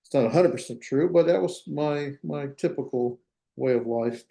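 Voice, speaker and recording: A man's voice: fairly high pitch, moderate pace, gravelly, mellow, echoey room. Man teaching grammar in an online class. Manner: thinking aloud, many restarts and fillers; plain-spoken, jokes about himself. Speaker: Biblical Hebrew instructor. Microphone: computer mic in a video class.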